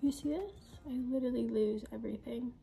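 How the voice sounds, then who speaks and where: A woman's voice: a little high, fast talker, gravelly, dark tone, soft background music. A young woman chatting casually to the camera while doing her makeup and hair, rambling and saying "like" constantly. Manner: chatty and rambling, heavy use of "like". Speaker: vlogger. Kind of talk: casual get-ready-with-me chat.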